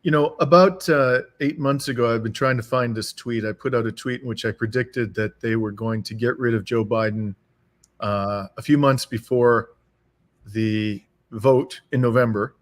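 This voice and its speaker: A man's voice: medium pitch, fairly even intonation, moderate pace. A man speaking as a guest commentator over a video call, emphatic and given to repeating phrases for force. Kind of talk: remote interview. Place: home in Canada.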